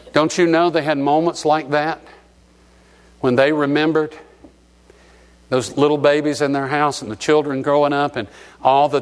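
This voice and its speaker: A middle-aged man from Alabama preaching a sermon, sentimental and emotional as he tells stories. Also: on the high side. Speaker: pastor.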